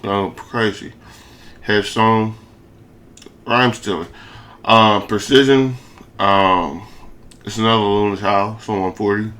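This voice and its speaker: A young man who makes gaming videos gives casual, hyped commentary over gameplay, using slang and lots of repeated phrases, his speech slurred with a lisp. His voice is fairly low and fairly bright, with fairly even intonation. He talks slowly and pauses often.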